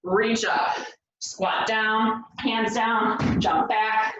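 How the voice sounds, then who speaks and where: A woman's voice: a little high, steady tone, extremely slow, fairly bright tone, a little hiss or hum. A woman leading a home workout who sounds out of breath as she coaches the moves and counts down the seconds. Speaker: fitness instructor. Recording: echoey room, distant mic, dull sound.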